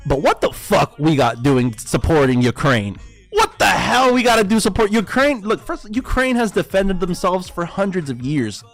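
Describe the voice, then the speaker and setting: A man's voice: sits high, expressive, moderate pace, faint music behind. A man hosting a trading livestream, ranting heatedly and profanely and calling his viewers boys. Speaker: livestream host and forex trader. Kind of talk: casual livestream political rant.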